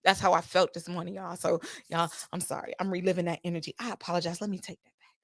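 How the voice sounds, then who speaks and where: A woman's voice: fairly low pitch, little pitch movement, fast talker, dry recording, studio quality. A woman hosting a casual solo podcast, talking animatedly and sassily to her listeners, firing off emphatic rhetorical questions. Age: adult with children. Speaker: podcast host.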